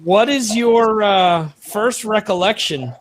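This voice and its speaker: Host: American man, high-pitched, chatty, restarts a lot. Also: slow pace, slight background noise. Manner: chatty, rambling with many restarts. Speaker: podcast host. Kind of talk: casual livestream chat.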